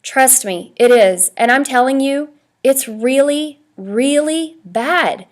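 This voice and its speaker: A woman's voice: sits high, slow. A woman voicing a blunt, exasperated middle-school boy in a read-aloud storybook.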